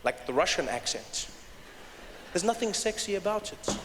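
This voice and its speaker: A man performing stand-up comedy, telling stories in an animated way and slipping into accent impressions. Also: sits high, moderate pace, a little hiss or hum. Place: live comedy stage. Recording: reverberant live venue with crowd ambience.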